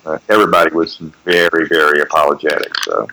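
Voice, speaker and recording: A man in his forties, a guest in a casual interview, telling animated road stories and swearing freely. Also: extremely low pitch, a little fast, noisy background. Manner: animated storyteller, swears freely, acts out quotes.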